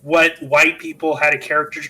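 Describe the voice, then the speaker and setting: Giggly comic co-host man, high voice, very bright tone. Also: flat delivery, normal speed, low-quality recording. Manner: laughing, stumbling over words. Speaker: podcast co-host. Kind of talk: comedic movie recap chat.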